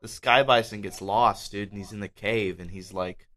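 A man guesting on a podcast, talking in an animated way, saying dude a lot and dropping to a mumble. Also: lowish voice, normal speed. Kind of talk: casual chat.

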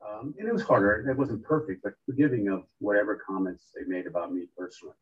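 A man's voice: on the low side, quick pace, husky, far from the mic, dull audio. A man in his fifties, a defense lawyer, telling earnest stories from his work with clients. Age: 50s. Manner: earnest, anecdotal, animated when quoting himself. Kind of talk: reflective storytelling talk.

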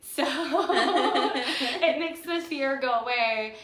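A young woman co-hosting a podcast in a casual live chat, her voice worn raspy from yelling, bubbly and chatty with lots of fillers. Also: sits high, extremely slow. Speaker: podcast co-host. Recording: echoey room.

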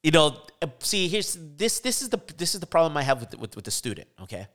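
A man tells a story in casual podcast chat, his voice sitting a little high and swinging up and down with lively energy. He slips into the voices of the people he quotes, jumping up sharply to act them out. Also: fast talker. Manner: animated storyteller, acts out quotes with pitch jumps. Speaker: podcast co-host telling a story.

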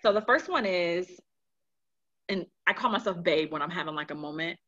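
A loud, animated woman co-hosting a casual chat, dramatic and quick to swear. Her voice is bright and forceful. The recording is dull and a little lo-fi. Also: lowish voice. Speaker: podcast co-host.

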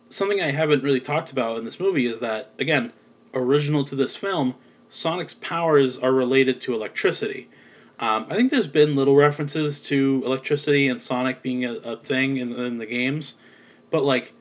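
A man's voice: medium pitch, brisk. A man giving a casual spoken film review, rambling with lots of filler words and sounding a little sleepy. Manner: rambling, many ums and likes. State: sleepy, yawning.

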